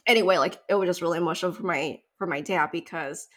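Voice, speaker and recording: A woman in her thirties in casual chat, telling a long story in a lively way, full of likes and you-knows. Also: on the low side, fast talker. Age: 30s.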